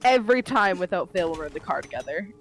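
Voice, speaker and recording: Quick and animated, with a mid-range, fairly bright voice, a young adult tells stories during casual gaming chat on a stream. The talk is chatty and full of fillers, especially "like."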